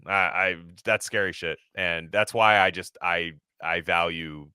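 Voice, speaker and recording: A man co-hosting a podcast, talking in a rambling, halting, profane casual chat. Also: sits low, fairly even intonation, pushed and bright, smooth, no room sound, clean studio sound. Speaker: podcast co-host.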